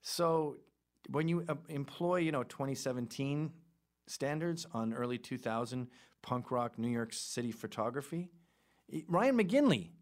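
A middle-aged man riffing on a podcast with loose, irreverent commentary. He rambles from topic to topic in an even, middle-pitched voice. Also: measured pace. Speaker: podcast host.

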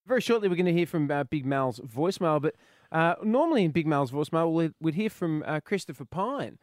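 An Australian man co-hosting radio, chatty and quick to laugh at a studio microphone. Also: a little high, animated, no echo. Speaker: radio co-host. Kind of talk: casual radio banter.

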